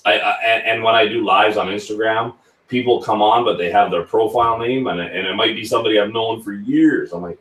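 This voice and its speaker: Speaking briskly in a fairly low, slightly bright voice, a man hosts a laid-back whisky live chat and reads viewers' comments out loud. He runs a whisky channel, and his distance from the mic gives a roomy sound.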